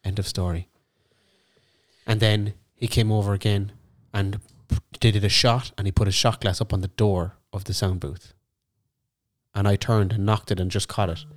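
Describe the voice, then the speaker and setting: A man's voice: fairly low pitch, flat delivery, moderate pace. A young man co-hosting a podcast, telling a story in casual chat, swearing freely and acting out what people said. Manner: swearing storyteller, acts out quotes. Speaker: podcast co-host.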